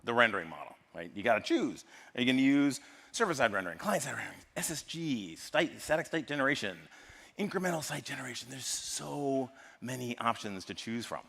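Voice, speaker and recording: An American man giving a lively, joking tech talk at a live conference and quizzing the audience. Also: medium pitch, fairly quick, gravelly. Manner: lively, jokey, polls the audience. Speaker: conference speaker. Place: large conference hall. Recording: long hall reverb from a live stage.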